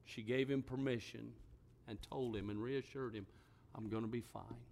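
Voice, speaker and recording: A man's voice: medium pitch, fairly even intonation, normal speed, vocal fry, a little hiss or hum. Pastor, a man telling a story, then preaching with rising emphasis. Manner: storytelling, drops to a hushed voice for quoted words, then rises with emphasis. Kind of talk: sermon.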